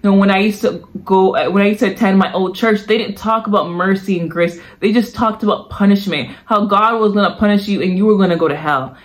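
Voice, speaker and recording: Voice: mid-range voice, brisk, hardly any pauses. A podcast host giving an earnest, reflective personal testimony about faith, repeating phrases for emphasis. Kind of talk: personal testimony, casual devotional talk.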